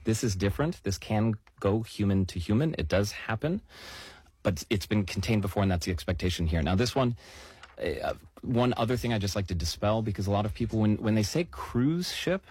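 Deep husky man explaining calmly. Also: no echo. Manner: measured, explanatory, emphasizes key words. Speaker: news explainer guest. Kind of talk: explanatory talk-show chat.

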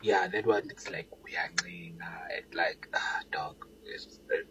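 Deep-voiced relaxed caller on a voice note, slow and easygoing. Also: male voice, slight background noise, rough recording. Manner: laid-back, laughing, drops to a whisper. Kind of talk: casual voice note. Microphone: phone voice note.

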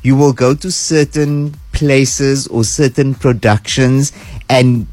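A man talking as a guest in a casual chat, often pausing to search for the right words. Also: medium pitch, fairly even intonation, a little mellow, no room sound. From South Africa.

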